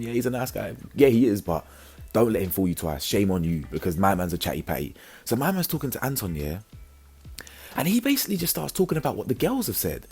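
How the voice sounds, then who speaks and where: A young man giving slangy, animated commentary on a reality show, jumping into high excited bursts. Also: slightly rough. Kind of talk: casual commentary.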